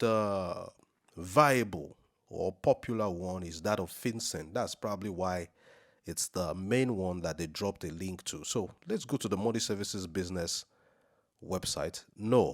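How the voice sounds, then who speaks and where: Emphatic man walking through a website. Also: low-pitched. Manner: emphatic, keeps checking in with "okay?"; rereads passages slowly for emphasis. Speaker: host of a scam-review channel. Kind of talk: screen-share walkthrough commentary.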